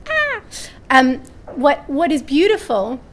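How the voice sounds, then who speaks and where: A woman's voice: on the high side, moderate pace, vocal fry. A woman speaking at a live parenting seminar, telling anecdotes with acted-out voices and often checking in with "right?". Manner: animated storyteller, acts out voices, asks "right?" often. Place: seminar room before an audience.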